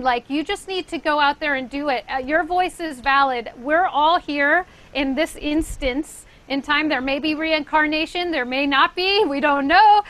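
Woman DJ guest, panel chat, high and bright, earnest storyteller. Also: poor audio. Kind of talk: casual panel discussion.

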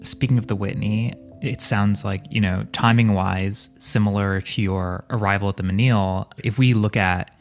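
A man's voice: lowish voice, steady tone, normal speed, hardly any pauses, faint music behind. Man asking easygoing interview questions.

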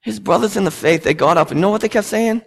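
A man in his thirties, a pastor preaching a sermon and telling family stories with lively acted-out dialogue. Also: high voice, fast talker, vocal fry, husky. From United States. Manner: storytelling, animated, acts out family scenes.

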